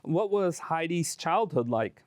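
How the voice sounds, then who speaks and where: An interviewer asks personal questions in a gentle, unhurried way. The voice sits at a middle pitch. The sound is dry and close to the mic. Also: expressive, dry recording.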